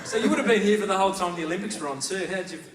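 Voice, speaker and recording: Australian man, host, matey banter, fairly high voice, roomy hall, crowd audible. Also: very fast, very noisy. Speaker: host, interviewer. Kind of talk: on-stage interview. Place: large auditorium. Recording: echoey hall, distant mic, crowd behind.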